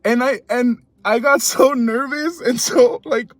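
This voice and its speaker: A man with a high voice tells a story in a loose, chatty way, breaking into laughs and doubling back on his words. The recording is dry and close, with no room sound. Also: moderate pace, hardly any pauses, no echo. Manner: chatty, laughs often, repeats himself. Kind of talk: casual storytelling to camera.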